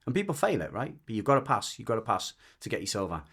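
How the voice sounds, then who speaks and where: Very animated and fast, this Merseyside-accented dog trainer from the Wirral rambles through a casual story as a podcast guest. His voice is low-pitched yet fairly bright in tone, slightly rough, and he's blunt, swears, and keeps restarting.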